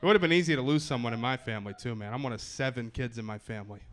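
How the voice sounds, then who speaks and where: A man's voice: medium pitch, racing, fairly bright tone, smooth. A young man doing stand-up in a put-on English accent, wry and self-mocking, on a comedy club stage with a handheld mic. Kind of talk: stand-up set.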